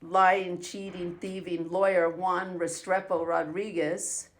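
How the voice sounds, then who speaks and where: Slow and flat in delivery, this middle-aged woman's fairly low voice carries an angry, profane, sarcastic rant in her personal video diary. The vlogger's monologue has faint background noise and clicks behind it.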